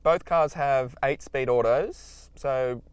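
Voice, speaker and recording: A man's voice: medium pitch, slow pace, clean tone, no room sound. A young Australian man commentating on car tests in a casual, upbeat way, speaking from inside a car on a track. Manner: upbeat and chatty, directs the runs. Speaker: car reviewer and host.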